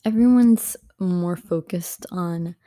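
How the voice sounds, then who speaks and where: A woman's voice: fairly low pitch, slow pace, dark tone, no room sound, clean studio sound. A young woman hosting her own podcast from home on a laptop mic, chatting casually and drifting between topics with lots of fillers. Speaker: podcast host. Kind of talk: casual solo podcast chat.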